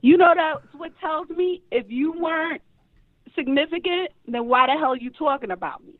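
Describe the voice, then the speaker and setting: A woman's voice: high-pitched, normal speed, no room sound. A woman with a New York accent calling in to a talk show, blunt and teasing in casual chat. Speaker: caller. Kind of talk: casual phone call-in chat. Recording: muffled phone-line audio, dry.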